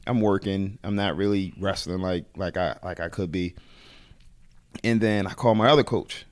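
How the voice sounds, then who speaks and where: A man in his thirties from Baltimore, a head wrestling coach telling lively stories in an interview and acting out the voices he quotes. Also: deep voice, normal speed. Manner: animated storyteller, acts out quoted voices. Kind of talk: storytelling in a podcast interview.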